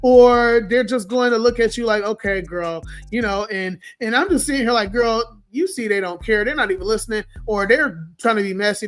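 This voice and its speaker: A hoarse man, losing his voice, venting bluntly and profanely in a casual livestream rant. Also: sits high, a bit bright. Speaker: livestream host.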